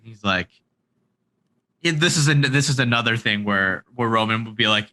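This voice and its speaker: Bright-voiced man steering a casual chat. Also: lowish voice, moderate pace. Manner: hesitant, full of fillers, steering the talk. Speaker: podcast co-host.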